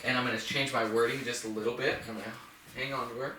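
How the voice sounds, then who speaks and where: A man working as a dog trainer, calmly explaining steps to the owners during a casual demonstration. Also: fast talker, echoey room, recorded from a distance, background noise. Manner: instructive, talks to the dog in high praise bursts.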